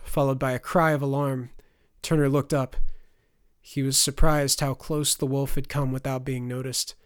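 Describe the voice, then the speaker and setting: A man narrating a fantasy audiobook in a measured storytelling voice. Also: mid-range voice, dry recording, studio quality.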